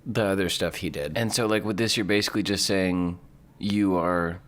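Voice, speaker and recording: A man's voice: low-pitched, steady tone, normal speed, fairly bright tone. A young man hosting a casual commentary, rambling, sarcastic and sweary. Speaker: host.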